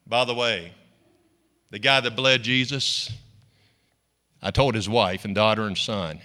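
Speaking unhurriedly in a fairly low voice, this pastor delivers an animated sermon and draws the congregation into call-and-response.

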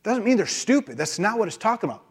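Pastor, sermon delivery, high-pitched man, emphatic, punches his points with rhetorical questions. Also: big pitch swings, quick pace, slightly rough.

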